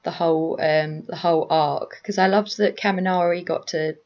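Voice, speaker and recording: A woman's voice: lowish voice, steady tone, moderate pace, a little mellow. A woman co-hosting a podcast, chatting in an easygoing way about an episode. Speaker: podcast co-host. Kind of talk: casual recap chat. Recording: dull lo-fi recording.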